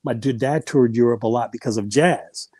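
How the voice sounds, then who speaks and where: Mellow-voiced man telling family stories. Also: medium pitch, normal speed, no echo. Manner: rambling, frequent restarts and repeated words. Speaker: podcast guest. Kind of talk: casual storytelling.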